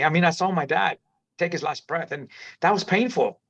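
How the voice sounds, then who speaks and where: A man's voice: fairly high pitch, normal speed, creaky, fairly bright tone. A middle-aged man, a podcast guest, telling his life story candidly in a rambling way, restarting sentences and calling the host "man" often. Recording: dull lo-fi audio.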